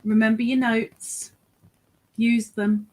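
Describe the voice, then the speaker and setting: A woman co-hosting a casual livestream, with a voice a little higher than usual. She teases and nudges her partner with pointed questions in a playful, bossy way. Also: little pitch movement, takes it slowly, a little mellow. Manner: teasing, prodding interviewer. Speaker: co-host prompting the host. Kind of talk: casual live-stream chat.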